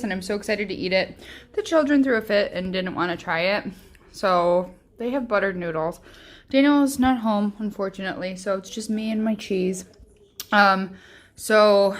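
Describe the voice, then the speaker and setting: A woman's voice: mid-range voice, rough recording. Chatty woman hosting a home cooking vlog. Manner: chatty, rambling, with frequent ums. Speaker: home cook and channel host. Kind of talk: casual cooking vlog chat.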